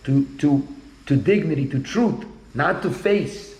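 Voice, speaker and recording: A man's voice: fairly high pitch, unhurried, a little mellow. Blunt rambling man, echoey room. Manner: blunt, rambling, repeats himself. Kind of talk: casual conversation.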